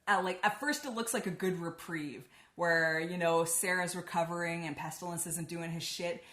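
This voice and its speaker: A woman's voice: fairly low pitch, fairly even intonation, normal speed, few pauses, a bit bright, reverberant. A woman giving a casual spoken book review, chatty and swearing freely, with lots of "like".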